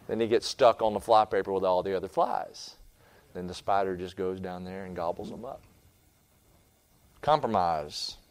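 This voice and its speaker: A male pastor preaching a fiery sermon, swinging from loud challenges down to quiet asides. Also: low voice, measured pace, long pauses.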